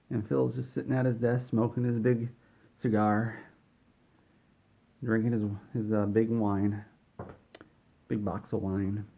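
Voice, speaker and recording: A man telling an absurd comic story in a deadpan, rambling way. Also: lowish voice, unhurried, vocal fry, long pauses. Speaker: comedy storyteller. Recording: tinny phone-like sound.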